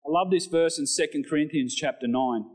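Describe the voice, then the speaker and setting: A man's voice: brisk, rough recording. A man preaching a sermon, reading scripture and talking directly to the congregation. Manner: animated preaching, rises in pitch on scripture; conversational asides to the congregation. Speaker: pastor.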